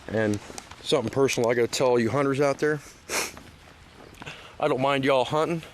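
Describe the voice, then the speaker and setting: A middle-aged man from Washington State, recorded outdoors at a lakeside park, rambles loosely with fillers and false starts. His voice sits at an ordinary middle pitch, and he turns emphatic when he scolds. Faint outdoor hum and passing vehicles sit quietly underneath. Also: moderate pace. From Washington State, USA. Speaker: vlogger. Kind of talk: casual outdoor vlog ramble.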